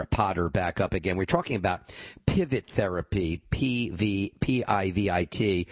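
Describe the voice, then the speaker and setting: A man with a very low voice hosts a call-in radio show. He talks casually and rambles through long explanations with asides. The sound is close and dry, with no room around it. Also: dry recording. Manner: chatty, explains at length with asides. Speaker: radio talk show host.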